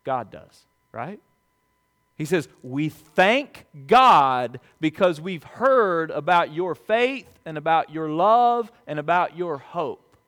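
A man pastor delivering a sermon in a conversational way, asking the congregation questions and moving between hushed, quiet asides and emphatic, louder swells. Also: on the high side, expressive, takes it slowly. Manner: conversational preaching with rhetorical questions.

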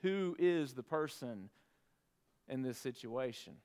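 Man preaching, smooth resonant voice, slightly high, long hall reverb, earnest measured delivery. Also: animated, darkish tone. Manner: earnest, measured storytelling with dramatic pauses. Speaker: pastor. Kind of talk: sermon with personal story.

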